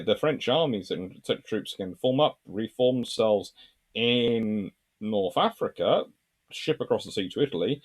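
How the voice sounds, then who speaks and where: A man hosting a history channel, reading viewer comments aloud and answering them in a rambling, thinking-aloud way. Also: medium pitch.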